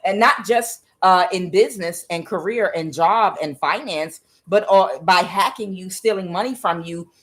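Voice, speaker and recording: A woman's voice: lowish voice, moderate pace, few pauses. Blunt, profane woman ranting casually. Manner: blunt, profane, laughs often, many fillers. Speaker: tarot channel host. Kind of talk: casual commentary monologue.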